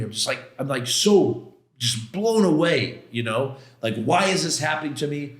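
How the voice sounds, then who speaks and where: Middle-aged male podcast guest, intense and emotional storyteller, slangy, mid pitch, echoey room. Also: animated, normal speed, a bit bright. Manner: intense, emotional retelling with many quoted exchanges and restarts; casual slangy phrasing. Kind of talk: personal storytelling in a podcast interview. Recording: roomy echo.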